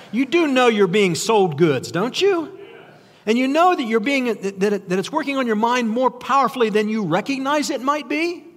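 Older male preacher, high voice, chatty, self-deprecating sermon delivery, long hall reverb. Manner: conversational, self-deprecating, frequent restarts and rhetorical questions.

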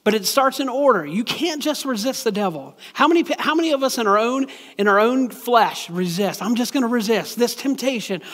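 High-voiced preacher in a reverberant hall. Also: male voice, very animated, a little fast, few pauses, fairly bright tone. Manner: conversational, restarts and repeats words, chuckles at his own jokes. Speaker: pastor. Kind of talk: sermon.

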